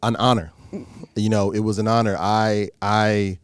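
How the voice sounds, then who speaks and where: A man in his thirties, an actor being interviewed, telling stories in an animated way and acting out the people he quotes. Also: lowish voice, a little slow, clear, resonant tone, dry recording, studio quality. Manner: animated storyteller, acts out quoted exchanges; frequent fillers and restarts. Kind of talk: casual interview talk.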